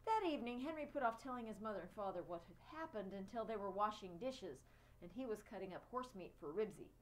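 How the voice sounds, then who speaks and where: A woman reading a children's chapter book aloud, expressive. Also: mid-range voice, brisk, low-quality recording. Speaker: storyteller.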